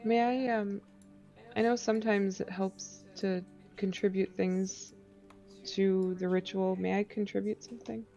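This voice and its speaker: Low gravelly woman player in a tabletop game, muffled lo-fi sound. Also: fairly even intonation, a little slow, warm tone, faint music behind. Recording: dull lo-fi audio.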